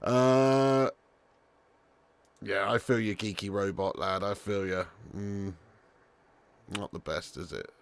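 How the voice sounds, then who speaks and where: A man's voice: on the low side, fairly even intonation, slow, long pauses, clear, resonant tone. Chatty man hosting a football watch-along. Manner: casual and chatty, swears, calls viewers lad. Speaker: streamer and watch-along host. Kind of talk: live football watch-along commentary, reading chat.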